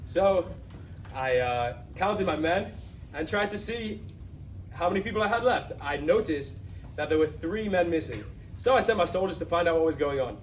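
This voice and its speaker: A young man tells a story from some distance off the microphone. His voice sits high, and he jumps into sudden raised, excited character voices. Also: normal speed. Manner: acts out characters with sudden high, loud outbursts. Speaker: student speaker retelling a Hasidic story. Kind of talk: animated storytelling. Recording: distant mic with faint background noise.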